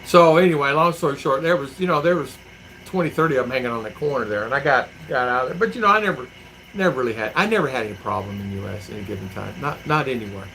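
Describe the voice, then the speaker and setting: A man's voice: mid-range voice, animated, fast talker, creaky, pushed and bright, slight background noise, rough recording. A middle-aged man from the United States chatting casually on a livestream, rambling and repeating himself as he tells folksy stories and answers viewer comments at home. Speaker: vlogger reading viewer comments.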